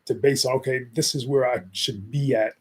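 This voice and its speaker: A man's voice: medium pitch, steady tone, brisk, slightly rough. A man co-hosting a casual chat, explaining business metrics with frequent repeats and fillers. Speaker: co-host.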